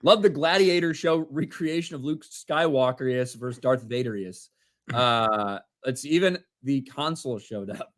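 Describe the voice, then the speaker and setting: A man's voice: medium pitch, normal speed. A man in his thirties co-hosting a casual livestream, reading out viewer donations and laughing along. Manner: reads names and messages, laughs often.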